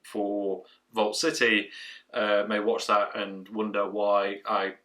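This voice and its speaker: A man's voice: on the low side, flat delivery, slow, sharp tone, distant mic. A man giving a chatty, rambling craft beer tasting review. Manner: chatty, rambling, trails off with fillers.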